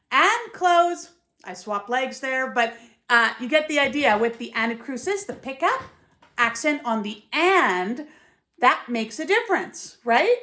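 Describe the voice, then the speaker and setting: A woman's voice: a little high, sharp tone. A woman who teaches ballet, giving emphatic, musical teaching tips and often checking in with "yeah?" and "right?". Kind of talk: teaching tips to camera, with sung counts.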